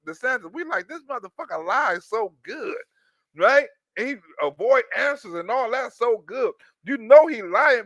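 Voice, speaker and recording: A man giving loud, profane reaction commentary, laughing and mimicking a politician as he talks. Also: extremely high pitch, no room sound. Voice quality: animated, profane, laughing while talking. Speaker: commentary YouTuber.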